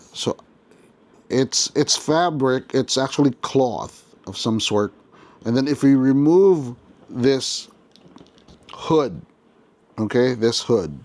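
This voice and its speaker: A man talking through a toy unboxing in a loose, chatty way, with a voice of middling pitch. He is excited about small details, stops often to restart a thought, and talks straight to his viewers. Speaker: toy reviewer. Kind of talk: casual unboxing commentary.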